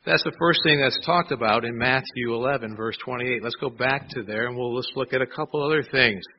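A pastor preaches a sermon in a conversational way, frequently putting rhetorical questions to his listeners. His medium-pitched voice is brisk, and the recording is muffled with slight background noise.

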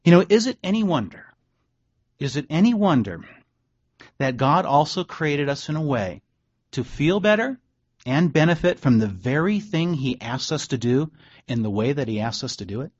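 A man's voice: fairly high pitch, animated, moderate pace. A man giving a sermon in a conversational way, reading out research and adding wry asides. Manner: conversational preaching, reads quotes aloud, wry asides. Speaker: pastor. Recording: dull lo-fi recording.

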